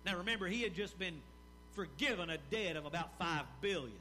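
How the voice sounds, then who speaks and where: A man preaching a sermon in an animated style, with rising emphasis and pauses. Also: high voice, a little hiss or hum. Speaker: pastor.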